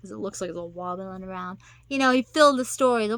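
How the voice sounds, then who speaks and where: A woman's voice: medium pitch, quick pace, fairly bright tone, no room sound. A woman talking casually to her viewers, rambling and giggling, acting out quotes in put-on voices. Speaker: vlogger. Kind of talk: casual monologue to camera.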